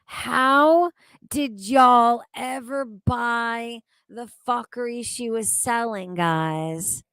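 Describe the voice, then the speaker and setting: A woman's voice: fairly high pitch, drawn-out words, fairly bright tone, clear, resonant tone, no echo, studio quality. A woman streamer reacting to videos, with crude, mocking and incredulous commentary full of swearing.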